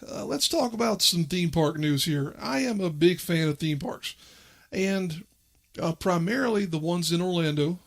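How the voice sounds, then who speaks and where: A man hosting his own podcast, talking in a chatty, rambling way with fillers. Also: on the high side. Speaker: podcast host. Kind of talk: casual monologue.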